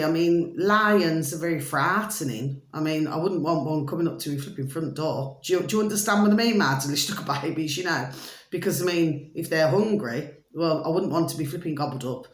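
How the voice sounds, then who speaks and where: A woman's voice: mid-range voice, reverberant. A woman with a Birmingham accent chatting casually to her viewers, rambling with lots of fillers and pet names. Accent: Birmingham English. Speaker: vlogger. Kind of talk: casual talk to camera.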